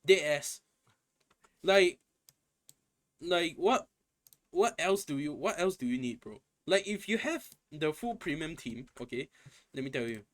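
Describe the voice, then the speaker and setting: A young man with a slightly high-pitched voice rants through a casual gaming commentary. He sounds exasperated and swears freely, tripping over himself as he repeats and restarts phrases. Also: lively intonation, measured pace, pauses often. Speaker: gaming content creator.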